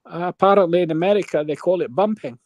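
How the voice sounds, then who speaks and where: A man's voice: high voice, fast talker, a little mellow, no echo, dull audio. A man telling a long rambling story on a live panel, checking in with his listeners. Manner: rambling, keeps checking in with "right?".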